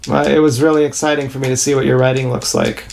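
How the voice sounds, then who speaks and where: Speaking at medium pitch with a level tone, slight mellowness, and vocal fry, a man gives a meandering, confessional livestream monologue full of halting restarts. An action camera captures him, faint noise behind.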